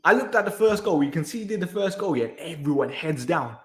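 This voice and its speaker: A fairly high-pitched man with a brisk delivery, lively intonation, and a fairly bright tone hosts a football reaction channel. His match reaction is a frustrated rant full of sighs and repetition, and the room echoes around him.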